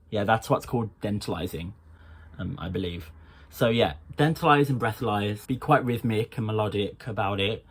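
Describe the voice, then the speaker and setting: A man's voice: on the low side, unhurried. A man with a Birmingham accent giving a casual accent tutorial, talking loosely with lots of ums and stopping to demonstrate sounds. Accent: Birmingham English. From England. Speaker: accent coach.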